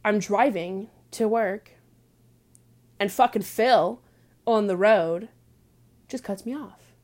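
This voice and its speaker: Young woman, vlogger, crude casual rant, filler-heavy, hushed asides, mid-pitched voice. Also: slow pace. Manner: drops to hushed asides now and then. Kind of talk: casual profane venting monologue.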